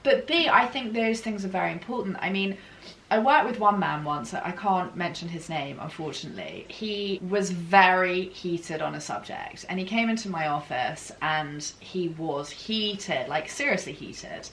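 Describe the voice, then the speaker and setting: A woman's voice: lowish voice, animated, moderate pace, fairly bright tone. A woman life coach talking in an upbeat, emphatic way, often adding "right?" to her points. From England. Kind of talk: conversational interview. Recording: echoey room with faint noise.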